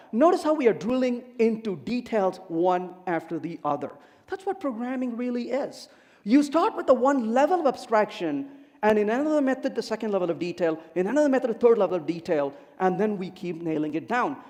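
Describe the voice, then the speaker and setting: Fairly quick and high-sitting, this man's voice fills an echoey conference hall as he gives a humorous technical talk, animatedly telling stories and acting out conversations.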